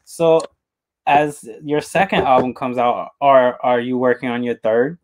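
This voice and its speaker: Man hosting an interview, halting, rambling, repeats words, casual. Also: medium pitch, fairly even intonation. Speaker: interview host.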